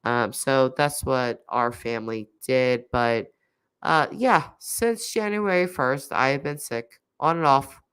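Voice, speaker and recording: A woman's voice: rumbling low, slow, a bit bright, smooth. Congested, nasal woman chatting casually. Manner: coughing; chatty, laughs often, many fillers. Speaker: live stream host. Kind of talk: casual live chat reading viewer comments.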